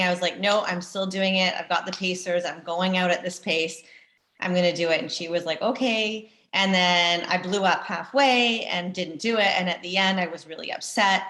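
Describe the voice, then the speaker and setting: A woman's voice: fairly low pitch, a bit bright, reverberant. A woman from Canada, an Olympic runner, chatting casually on a panel over a video call and laughing easily.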